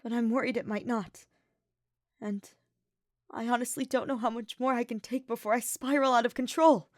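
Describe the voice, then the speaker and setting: A woman reading the lines of an earnest, anxious young male knight, soft and hesitant. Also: on the high side, steady tone, normal speed, dry recording, clean studio sound, voice pushed up, close to an everyday voice. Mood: worried.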